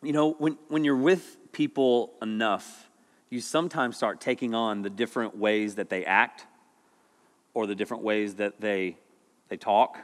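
A middle-aged man preaching and telling jokes as a youth pastor, full of animated stories. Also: fairly low pitch, a little slow. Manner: animated, joking storyteller. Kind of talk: sermon. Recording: long hall reverb.

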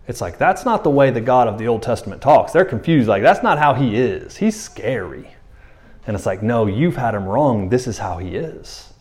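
A man delivering a sermon in a loose, conversational way, with a voice of middling pitch. He keeps turning to the listeners with asides. He slips into quick acted-out voices when he quotes someone. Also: a little mellow. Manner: casual, conversational preaching with many asides. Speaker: pastor.

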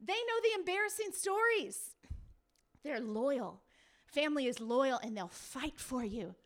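A woman pastor preaching a sermon, telling stories in a lively way, acting out the people in them and putting questions to her listeners. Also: sits high, a little slow. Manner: lively storytelling, acts out quoted people; speaks to the audience directly with questions.

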